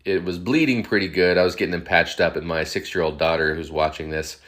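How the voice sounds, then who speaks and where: A father tells a story about his kids in a relaxed, hesitant way. His voice sits very low. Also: a little fast. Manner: laid-back, hesitant with fillers. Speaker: parent telling a story. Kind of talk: casual storytelling.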